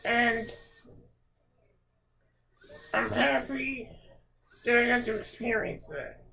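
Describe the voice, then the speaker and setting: A woman's voice: a little high, fairly even intonation, slow, vocal fry, bright, forceful tone, low-quality recording. A woman hosting a podcast, talking in an emotional, heartfelt way and repeating words for emphasis. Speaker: podcast host. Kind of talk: reflective podcast monologue.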